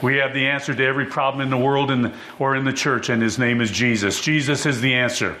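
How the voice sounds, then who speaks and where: A man preaching a sermon in a church, listing names in a steady rhythm and rising to fervent exclamations. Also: mid-range voice, fast talker, a little hiss or hum.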